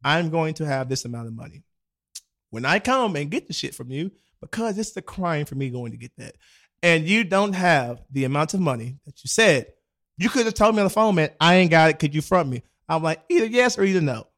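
A man's voice: fairly high pitch, lively intonation, a little fast, a bit bright. A young man in casual chat, telling a loose, profanity-laced story full of slang and acted-out quotes.

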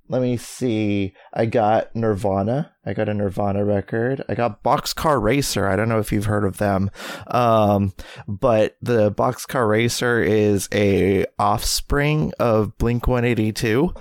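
A man with a lowish voice chats casually as a podcast co-host. He rambles with plenty of ums and restarts, but stays keen and upbeat. The sound is dry, close and free of room echo. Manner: rambling, hesitant with many fillers; enthusiastic. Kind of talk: casual chat.

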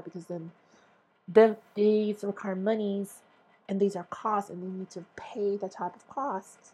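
A woman's voice: mid-range voice, fairly even intonation, unhurried, warm tone, slightly rough, poor audio. A woman hosting her own podcast, ranting in a profane, exasperated and sarcastic way. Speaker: podcast host. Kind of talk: casual ranting monologue.

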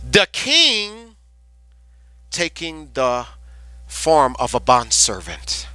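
A male pastor giving a sermon, often asking the congregation questions and slowly drawing out Hebrew words. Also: on the high side, huge pitch swings, pushed and bright, clear, resonant tone, no room sound. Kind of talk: sermon teaching.

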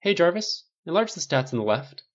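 A man's voice: sing-song, fairly quick, echoey room, muffled recording. A man reading aloud and voicing a weary, brooding engineer who mutters to himself in an audiobook of a story. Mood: brooding, muttering. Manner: muttering, low, self-mocking.

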